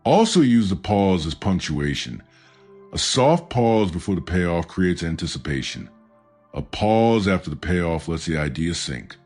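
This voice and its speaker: A man giving calm, measured, scripted narration of a self-help audiobook. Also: low-pitched. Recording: faint background music.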